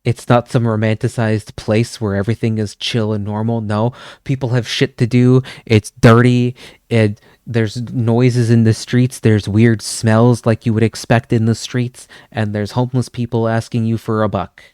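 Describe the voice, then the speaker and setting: A man's voice: fairly low pitch, level tone, moderate pace, a little mellow, clear, resonant tone, no room sound, studio quality. A man streaming, chatting casually with his viewers, rambling and swearing as he goes. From Canada. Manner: rambling, swears often, chuckles.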